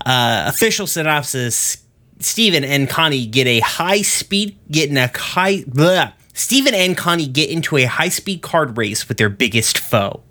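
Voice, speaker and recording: A man's voice: a little high, expressive, measured pace, sharp tone. A man hosting a podcast, giving a rambling, profane recap of an episode, full of fillers. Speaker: podcast host.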